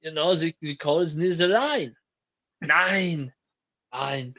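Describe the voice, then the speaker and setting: A man's voice: fairly high pitch, expressive, moderate pace, no echo. A laid-back man chatting as a podcast host, swearing freely and wandering through his sentences. His voice sits in a middle register, recorded dry and a little dull. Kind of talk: casual chat.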